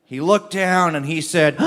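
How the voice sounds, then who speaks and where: Bright, high-voiced man telling a comic tall tale. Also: measured pace. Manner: animated, comic timing, laughs along. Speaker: storyteller. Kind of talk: comic tall-tale storytelling to a live audience. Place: live stage performance.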